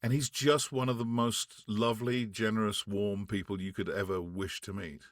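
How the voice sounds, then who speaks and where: Lowish-voiced man telling lively anecdotes. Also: normal speed, dry recording, studio quality. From France. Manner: animated anecdotes, acts out quotes, frequent restarts. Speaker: guest actor. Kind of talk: casual interview storytelling.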